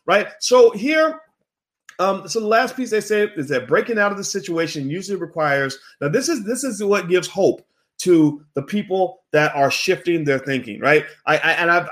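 A man hosting a casual commentary monologue, animated and profane, with many restarts. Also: sits high. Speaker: host.

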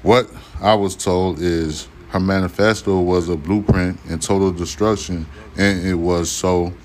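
Low-voiced man ranting angrily. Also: steady tone, unhurried, a little mellow, a little hiss or hum. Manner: profane, irritated ranting between read passages. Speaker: podcast host. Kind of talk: reading news aloud with angry commentary.

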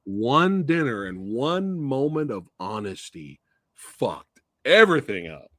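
A man hosting a casual movie discussion, retelling scenes in an animated way and acting out the characters' lines. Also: medium pitch, slow, no room sound. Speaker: podcast host.

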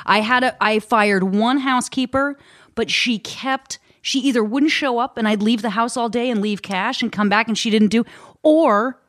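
A woman's voice: a little high, normal speed, fairly bright tone, no echo. Self-deprecating woman, dry close sound. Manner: self-deprecating, laughs easily, conflict-shy. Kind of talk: casual chat.

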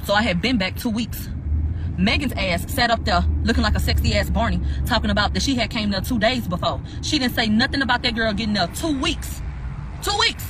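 Woman co-host, rapid profane rant-style recap, noisy recording that may be in a vehicle. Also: mid-range voice. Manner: profane, ranting, animated retelling. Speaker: podcast co-host recapping court testimony. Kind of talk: casual storytelling recap.

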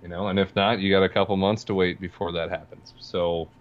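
A man's voice: sits low, fairly even intonation, fairly quick, lo-fi sound. A man co-hosting a casual sports podcast, dry and sarcastic, chuckling through his points. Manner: dry, sarcastic, laughs while talking. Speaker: podcast co-host.

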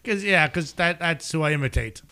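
A man's voice: fairly high pitch, expressive, normal speed, sharp tone. A man bantering casually with friends, laughing often and teasing.

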